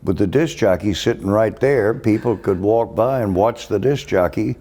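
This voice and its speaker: Deep, mellow older man. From Texas. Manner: folksy, unhurried storytelling. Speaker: host. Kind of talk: casual chat.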